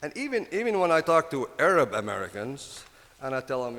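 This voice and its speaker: A man in his fifties with a heavy Lebanese Arabic accent, sitting on a panel. He talks in halting stretches, restarting his sentences often, at a mid pitch for a man. His voice carries a long reverb from a conference hall. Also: big pitch swings, a bit bright. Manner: halting, many restarts, acts out dialogues. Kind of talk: panel talk. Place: convention hall.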